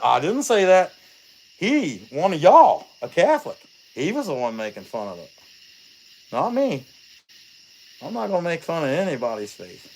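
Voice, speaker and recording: A man's voice: fairly high pitch, moderate pace, long pauses. A man chatting casually while hosting a carving livestream, rambling and joking with plenty of fillers. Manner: rambling, joking, many fillers, lively storytelling. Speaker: chainsaw carver and livestream host.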